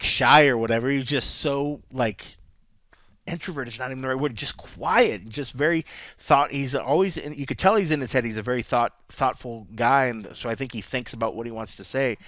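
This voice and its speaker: A man's voice: medium pitch, fairly bright tone, no echo, studio quality. A man co-hosting a podcast in casual chat, rambling with lots of "like" and restarts. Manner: rambling, restarts often, says "like" a lot. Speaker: podcast co-host.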